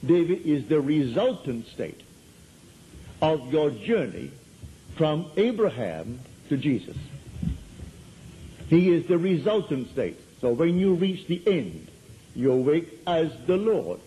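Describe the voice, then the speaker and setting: A man's voice: a little high, dark tone, slightly rough, rough recording. A man giving a spiritual lecture to an audience, telling stories in a conversational way and driving points home by repeating them. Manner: conversational storytelling, emphatic repetition. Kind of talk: metaphysical lecture to a live audience.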